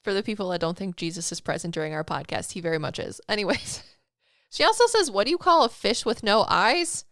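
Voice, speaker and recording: This podcast co-host has a mid-range, fairly bright voice with lively intonation and a slightly quick pace. She chats casually, laughing a lot and letting sentences trail off as she reads out listener stories and reviews. The recording is dry and studio-clean.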